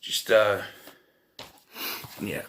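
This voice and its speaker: A man's voice: very slow, a bit bright. A man giving a casual, rambling film review, exasperated and swearing freely. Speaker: movie reviewer.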